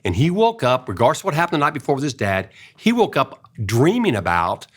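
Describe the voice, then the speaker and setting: An older man, telling an earnest personal story in a casual way, going soft and hushed when he quotes his own gentle words. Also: medium pitch, wildly swooping pitch, brisk. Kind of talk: casual storytelling in a faith-based talk.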